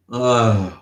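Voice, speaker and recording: A man hosting a casual livestream chat, sarcastic and profane, who laughs often. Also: mid-range voice. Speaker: podcast host.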